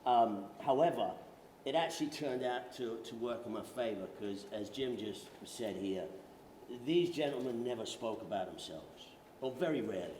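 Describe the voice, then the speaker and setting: A man's voice: medium pitch, animated, moderate pace, darkish tone. A British man with a London accent telling stories on a panel in a joking, self-deprecating way. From Britain. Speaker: actor on a veterans' conference panel. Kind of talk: casual panel storytelling. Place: conference hall panel. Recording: roomy echo with faint noise.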